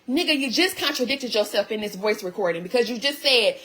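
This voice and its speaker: A woman's voice: high-pitched, animated, fairly quick, few pauses, fairly bright tone, rough recording. A woman venting to her viewers on a live stream, emphatic and full of repeated rhetorical questions.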